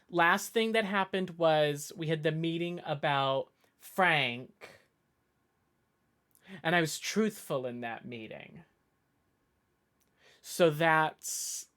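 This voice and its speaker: A streamer chatting casually while playing a game, rambling and excitable, often cutting off and restarting sentences. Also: mid-range voice. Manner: rambling, excitable, self-interrupting. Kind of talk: casual let's-play commentary.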